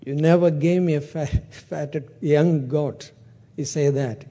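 Mellow-voiced male preacher retelling scripture. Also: fairly high pitch, fairly even intonation, slow pace. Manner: retells scripture with acted dialogue, restarts words. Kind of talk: sermon.

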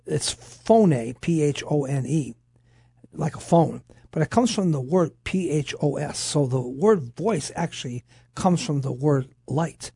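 A man's voice: on the high side, a little slow, creaky, husky, no room sound, studio quality. A man co-hosting a Christian radio talk show, teaching animatedly from scripture. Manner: animated preaching, quotes voices of scripture. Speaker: radio co-host, pastor.

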